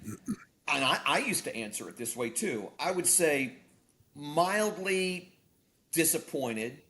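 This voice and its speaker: His voice slightly high and his pace slow, a guest pastor and author preaches conversationally on a talk show. He brings illustrations to life by acting out the dialogue, with emphatic rises on key points.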